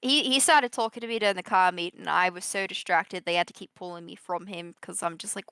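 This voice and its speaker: A woman's voice: on the low side, a little fast, pushed and bright, clean tone, no echo. A woman co-hosting a casual podcast, bubbly and gushing, laughing often and swearing freely. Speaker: podcast co-host. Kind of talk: casual live-stream podcast chat.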